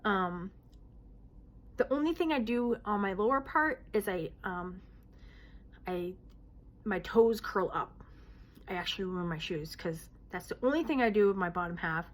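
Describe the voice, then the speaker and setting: A woman in her late thirties chatting casually as she answers viewer questions, her talk broken by sudden hoots, outbursts and throat clearing. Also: medium pitch, expressive, a little slow, long pauses. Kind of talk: casual Q&A vlog.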